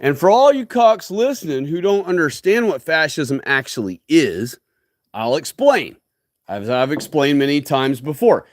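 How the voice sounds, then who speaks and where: A man's voice: a little high, big pitch swings, moderate pace, dry recording, studio quality. A man hosting a solo livestream, delivering a preachy, emphatic rant full of tag questions like "okay?" and "right?". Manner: ranting, preachy, emphatic lecturing. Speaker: livestream host.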